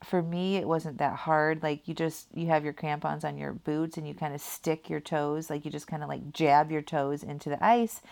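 A woman's voice: low-pitched, level tone, normal speed, gravelly, hardly any pauses, darkish tone. A woman casually telling a personal story, rambling with many fillers and laughing at herself. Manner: rambling, heavy use of "like" and "kinda".

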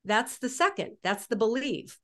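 A woman guest in a casual interview, explaining her ideas with animated, lively delivery and acting out inner voices. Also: fairly high pitch, moderate pace. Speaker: guest author.

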